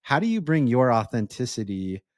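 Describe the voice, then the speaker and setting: A man's voice: medium pitch, big pitch swings, normal speed, darkish tone, no room sound, studio quality. A man hosting a marketing podcast, asking questions in a casual, enthusiastic way and praising answers before he asks. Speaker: podcast host.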